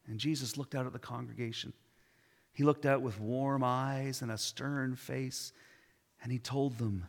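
A male pastor telling a story in a sermon with a measured delivery, recorded in a church sanctuary. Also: medium pitch, fairly even intonation. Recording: long hall reverb.

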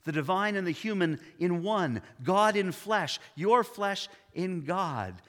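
A man voicing Jesus, speaking slowly and deliberately with tenderness and authority. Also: sits high, animated, fairly bright tone, voice pushed up, exaggerated voice. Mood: commanding. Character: Jesus, gentle but commanding man. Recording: long hall reverb.

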